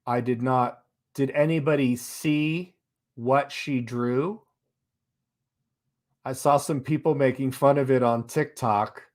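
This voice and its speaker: A man runs his own live stream, chatting casually and reading viewer comments aloud. His delivery is loose and sarcastic, and he breaks into laughter along the way. His voice sits at an ordinary middle pitch. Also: fairly even intonation, takes it slowly, long pauses, darkish tone.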